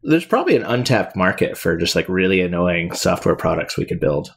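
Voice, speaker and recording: Man, very low voice, gravelly, wry jokey podcast banter. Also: big pitch swings, brisk. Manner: wry, jokey, laughs often. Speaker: podcast co-host. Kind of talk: casual tech chat.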